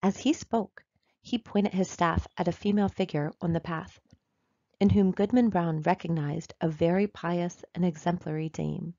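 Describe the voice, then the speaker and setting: A woman reading a classic short story aloud in a measured, even storytelling voice. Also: lowish voice, no echo, lo-fi sound. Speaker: reader.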